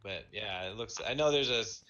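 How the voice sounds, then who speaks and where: A man's voice: fairly low pitch, fairly quick, pushed and bright, dull audio. A man co-hosting a casual podcast, joking around and swearing a little. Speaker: podcast co-host. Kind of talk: casual chat.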